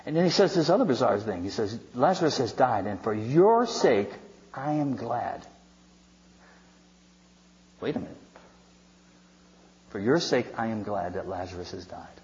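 A man's voice: fairly low pitch, big pitch swings, measured pace, long pauses, a little mellow. A male pastor preaching a sermon, retelling scripture in a conversational, storytelling way with wry asides. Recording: dull sound with long hall reverb.

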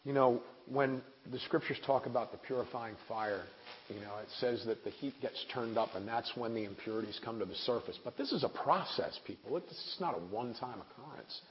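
A preacher and missionary in his forties gives a sermon that's earnest and conversational, dotted with wry asides. His mid-range voice is brisk, and the echoey hall recording sounds dull and lo-fi with faint hiss.

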